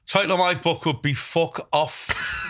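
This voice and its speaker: A man's voice: fairly high pitch, steady tone, unhurried, pushed and bright. An older man with a Liverpool accent, hosting a podcast in casual chat, blunt, sweary and rambling. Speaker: podcast host.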